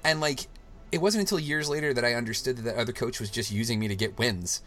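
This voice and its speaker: A man's voice: medium pitch, quick pace, a bit bright. A young adult man hosting a podcast, telling heartfelt stories in a rambling, casual way with many restarts. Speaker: podcast host. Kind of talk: casual chat.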